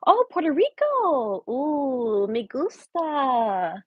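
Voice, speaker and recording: Comedic livestream: woman voicing a wheedling drifter, breathy and high-ish, dry dull sound. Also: expressive, normal speed, dry recording. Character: scheming homeless woman in her late twenties. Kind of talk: improvised parody livestream.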